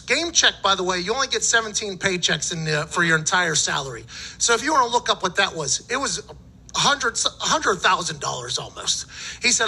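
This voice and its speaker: High-pitched guy spinning a yarn, cussing and laughing, super bright sharp voice. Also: a little fast, breathy edge, rough recording. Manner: profane, laughing, animated retelling. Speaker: former football punter, podcast guest. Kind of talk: casual storytelling.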